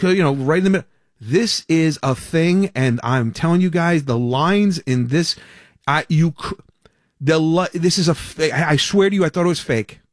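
A male radio talk show host, excitable and teasing, talking in quick bursts with restarts. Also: high voice, no room sound, clean studio sound. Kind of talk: animated talk radio monologue.

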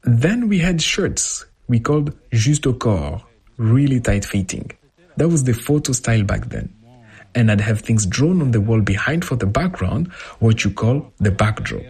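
A man with a husky voice reading a translated first-person account as a voice-over, in a lively storytelling manner. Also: mid-range voice, measured pace. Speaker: voice-over interpreter.

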